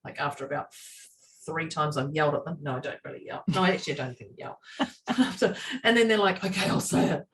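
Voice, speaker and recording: A woman's voice: deep voice, lively intonation, brisk, a bit bright, far from the mic. A woman co-hosting a casual chat podcast, talking animatedly and acting out the voices of people she quotes, with frequent laughter. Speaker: podcast co-host.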